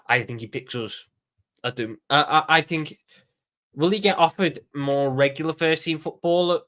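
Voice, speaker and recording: A man's voice: mid-range voice, fairly bright tone. A man from Liverpool with a Scouse accent, chatting casually and animatedly as host of a live watchalong stream, often swearing and repeating words. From Liverpool, England.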